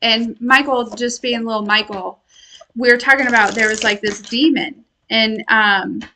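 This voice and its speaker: A woman's voice: a little high, steady tone, unhurried, sharp tone, a little hiss or hum, poor audio. A woman giving a casual spiritual message to her viewers as a tarot reader, rambling and laughing often, with an affectionate manner. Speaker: tarot reader and intuitive healer.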